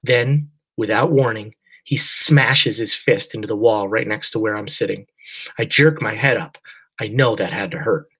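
A man reading a first-person audiobook narration in a quiet, inward, mournful way. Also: on the low side, normal speed, slightly rough, rough recording.

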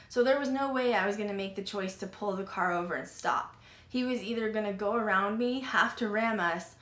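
A woman hosting a paranormal podcast tells her own story in a loose, animated way, with lots of "like" fillers and the odd curse word. Her voice sits at an ordinary middle pitch for a woman. The room around her gives a noticeable echo. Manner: animated, filler-heavy retelling with frequent "like" and swearing. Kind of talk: casual storytelling. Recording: roomy echo.

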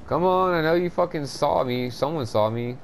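A man's voice: a little high, moderate pace, a little hiss or hum. A man giving profane, frustrated commentary over a game walkthrough, ranting at the players watching. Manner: frustrated, swearing, exasperated rants. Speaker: gameplay commentator.

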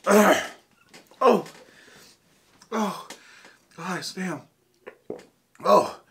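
A man's voice: high voice, drawn-out words, fairly bright tone. A man with an Ohio accent chatting casually on a food challenge vlog while gasping and groaning through burning heat. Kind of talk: casual chat.

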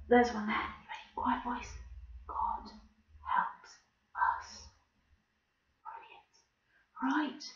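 A woman leading a children's church video for toddlers. She tells a story and runs games in a slow, exaggerated, coaxing presenter manner, recorded at home. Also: on the low side, fairly bright tone. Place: living room at home. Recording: roomy, distant, slightly dull home recording.

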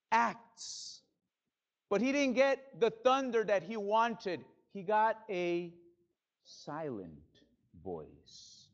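A male pastor preaching a sermon in a church, dramatic, swinging from loud bursts to hushed drops. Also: sits high, muffled recording. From Spanish-speaking background. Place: church sanctuary.

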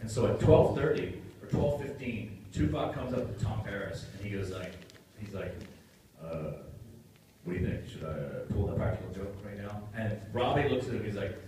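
A man with a fairly high, very lively voice tells a story to a convention crowd, acting out each quote and laughing along. He is recorded from far back in a cavernous hall. Background noise runs throughout. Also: moderate pace. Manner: acts out quotes, laughs often. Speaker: convention panel guest. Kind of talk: animated anecdote on stage. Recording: roomy hall, distant mic, noisy.

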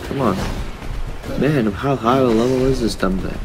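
A man's voice: mid-range voice, normal speed, over music. A man giving casual commentary while he plays a video game, talking to the creatures on screen and to his viewers, often frustrated. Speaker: gaming YouTuber.

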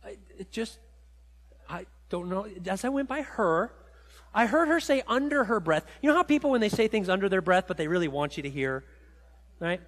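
High-voiced animated male preacher. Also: brisk, in a large hall. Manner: animated storytelling, rising high when excited, dropping low and quiet for reflection. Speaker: pastor. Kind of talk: sermon. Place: church sanctuary.

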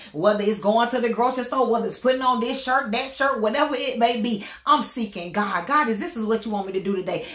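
A woman chats to her viewers about faith in a lively, preachy way, repeating lines and chanting catchphrases. She sits at a middle pitch, sounds like she is in some pain, and the room around her rings with echo. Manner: preachy, repetitive, sings out catchphrases. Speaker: vlogger. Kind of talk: casual faith-filled vlog chat.

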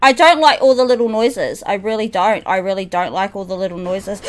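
A woman's voice: mid-range voice, fairly quick, shouting, a little hiss or hum. A woman streaming a horror game, talking to her chat, jumpy and prone to shrieks and repeating herself. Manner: talks to chat. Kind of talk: live horror game commentary.

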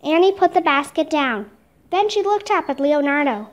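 High-voiced woman reading a children's book. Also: lively intonation, moderate pace. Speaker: reader. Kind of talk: children's audiobook narration.

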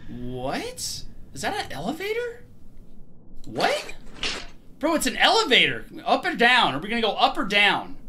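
A gamer giving let's play commentary on a horror game, thinking aloud through puzzles and exclaiming loudly at scares. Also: mid-range voice, wildly swooping pitch, measured pace, long pauses, a little hiss or hum.

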